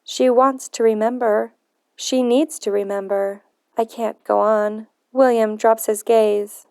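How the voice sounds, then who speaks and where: A woman narrating a novel in the first person, in earnest, measured storytelling. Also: fairly high pitch, little pitch movement, a little mellow, clean tone, dry recording, clean studio sound. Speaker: audiobook narrator.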